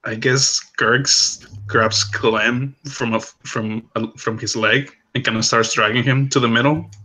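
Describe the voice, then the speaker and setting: Husky, bright-voiced man at a tabletop game. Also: mid-range voice, fairly even intonation, a little slow, low-quality recording. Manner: giggly, narrating own actions. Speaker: player. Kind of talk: casual tabletop play.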